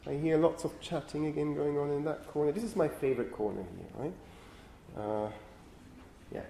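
A man with a fairly high voice gives a university lecture, explaining step by step and pausing to check that the class follows. The sound is roomy, with faint classroom noise behind him. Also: vocal fry, warm tone. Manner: explanatory, thinking aloud, frequent checks with students.

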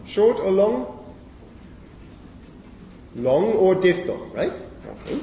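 A male lecturer explains sound rules to a class, asking questions and saying "okay?" often. His voice is mellow and a little high for a man. The recording is roomy, with a long reverb, and he is heard from a distance, with faint ambient noise behind him. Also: sing-song, measured pace, long pauses. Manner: conversational, asks the class questions, frequent "okay?". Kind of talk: university lecture on phonology. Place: lecture hall. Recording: echoey lecture hall, mic at a distance.

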